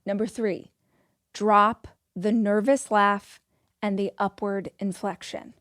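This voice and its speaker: A woman's voice: mid-range voice, fairly even intonation, takes it slowly, fairly bright tone, no room sound, studio quality. A woman in her forties hosting a podcast, giving firm, emphatic self-help advice in a motivational monologue. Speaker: podcast host.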